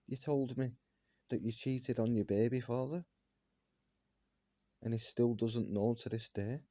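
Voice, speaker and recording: A man's voice: mid-range voice, warm tone, no room sound, highs cut off. A man ranting to his viewers in an indignant monologue, firing one rhetorical question after another. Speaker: vlogger.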